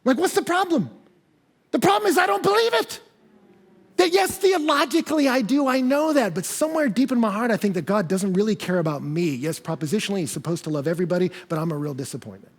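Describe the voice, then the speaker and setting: Male pastor preaching, high husky voice, candid and lively storytelling. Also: fast talker. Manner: animated, candid storytelling with self-deprecating humor. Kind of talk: sermon. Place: church service.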